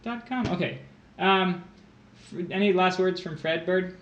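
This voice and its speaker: A man with a fairly high voice runs a tutoring live stream in easygoing chat, joking and playing with words. His voice sounds a bit dull and roomy, with faint noise in the background. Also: a little slow. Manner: jokey, playful with words.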